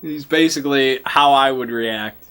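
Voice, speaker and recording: A man's voice: mid-range voice, a little slow, pushed and bright, clean tone. A man recapping a tabletop game session as its game master, rambling and often stopping to hunt for names. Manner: rambling and self-interrupting, often loses track of names. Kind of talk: casual storytelling recap.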